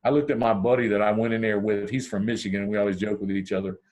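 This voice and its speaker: A man from Ohio, a podcast guest telling a long personal story in a casual way, acting out the dialogue with big swings in his voice. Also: very fast. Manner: animated, acts out dialogue with big pitch swings.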